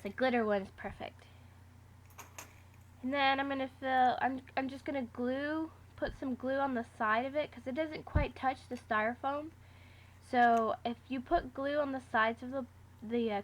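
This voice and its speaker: A woman's voice: fairly high pitch, a little hiss or hum. A woman talking casually through a do-it-yourself craft tutorial, giving step-by-step instructions with the odd "um". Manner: chatty, step-by-step instructions with fillers. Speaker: craft vlogger.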